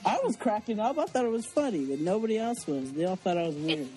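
A man in his twenties co-hosting a casual podcast, ranting emphatically in quick riffs. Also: high voice, sing-song, darkish tone, faint music behind. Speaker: podcast co-host.

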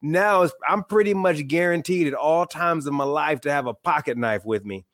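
Dry-sounding relaxed male podcast guest. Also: fairly high pitch, moderate pace, no echo. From Michigan. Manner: relaxed, wry, opinionated. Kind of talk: casual chat.

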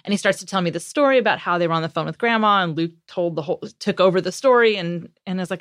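A woman's voice: fairly low pitch, fast, hardly any pauses, dry recording, clean studio sound. A woman guest on a podcast interview, talking casually as a parenting author and acting out the lines she and her kids said. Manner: lively storyteller who acts out what she and her kids said; conversational, with fillers and laughs.

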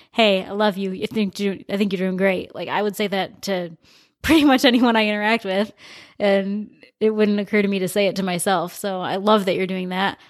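A woman co-hosting a podcast in casual chat, reflective and affirming. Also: medium pitch. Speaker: podcast co-host.

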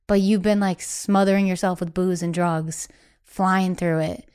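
A young woman, a podcast guest, telling her own story candidly and acting out what family members said in quick bursts. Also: on the low side, little pitch movement, darkish tone, clear, resonant tone. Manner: acts out quoted family speech, breathless bursts.

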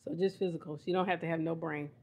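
A woman's voice: deep voice, fairly even intonation, fast, dark tone, lo-fi sound. A woman co-hosting a podcast, teasing and asking questions in casual chat, laughing often. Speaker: podcast co-host.

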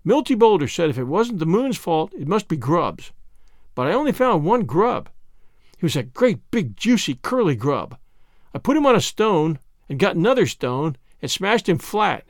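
Man voicing mischievous little boy, slangy folksy talk, high and bouncy, storybook reading. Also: very animated, normal speed, dry recording, clean studio sound. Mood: earnest.

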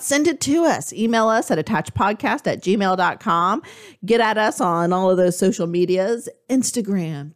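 A woman co-hosting a podcast, talking in a chatty, playful way with animated asides. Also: on the low side. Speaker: podcast co-host. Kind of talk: casual podcast chat.

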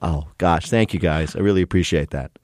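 A man's voice: low voice, dry recording, studio quality. A man co-hosting a podcast, chatting casually and animatedly about a TV episode, joking and breaking off his own sentences. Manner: animated, quick, jokey, self-interrupting. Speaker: podcast co-host. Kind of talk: casual TV recap chat.

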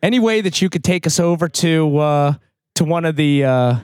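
A male host who chats in a teasing, joking way. His pitch moves a lot as he goes. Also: expressive, moderate pace, clear, resonant tone, no echo, clean studio sound. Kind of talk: casual chat.

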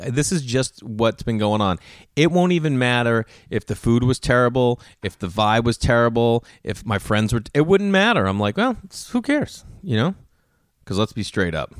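A man with a medium-pitched voice hosts a podcast, recorded clean in a studio with no echo. Talking casually on his own, he tells stories as an animated narrator, acting out family conversations and swearing loosely and freely.

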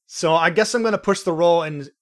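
A man's voice: fairly high pitch, fairly quick. A man playing in a tabletop game, chatting casually, joking and laughing often, with hesitant fillers. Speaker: player.

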